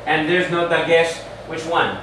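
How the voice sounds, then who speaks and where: A man's voice: fairly high pitch, flat delivery, measured pace. A man teaching a Hebrew lesson patiently, drilling the class and checking in with frequent questions. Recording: echoey room from far off, faint hum.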